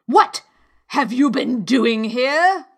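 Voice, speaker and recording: A woman voicing a cruel, bad-tempered queen who barks slow, shrill commands in a storybook reading. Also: lively intonation, exaggerated voice. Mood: furious. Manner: shouting, drawn-out commands.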